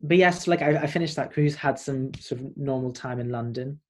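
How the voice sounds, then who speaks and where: He's a young man in his twenties with a Northern Irish accent, guesting as a performer on a casual interview. In a mid-range voice at a moderate pace, he rambles animatedly through his stories.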